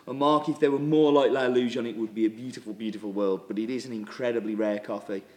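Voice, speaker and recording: A fast-talking man with a mid-range voice hosts a coffee subscription show. He chats casually and reads out viewer comments, staying relaxed and chatty with lots of fillers and throat clearing.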